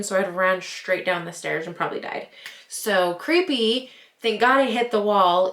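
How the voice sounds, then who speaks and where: A young woman vlogger shares a spooky personal experience in a chatty storytime, saying "like" a lot and laughing at herself. Her voice is mid-range with a fairly bright tone, recorded with a roomy echo.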